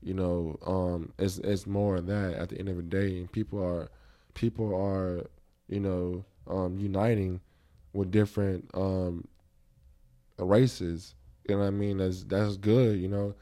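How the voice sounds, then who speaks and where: A man's voice: low voice, flat delivery, measured pace, warm tone. A man hosting a podcast in casual chat, reflective and rambling, with many fillers and restarts. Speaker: podcast host.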